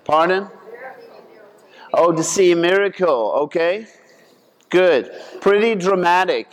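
A man, a priest, reading a gospel passage aloud and then preaching on it in a slow, measured way. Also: fairly high pitch. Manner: slow, measured, deliberate delivery. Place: church. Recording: long church reverb.

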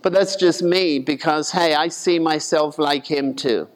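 A man's voice: fairly high pitch, measured pace, in a large hall, a little hiss or hum. A man preaching a sermon in a conversational way, acting out the voices of the people in his retelling.

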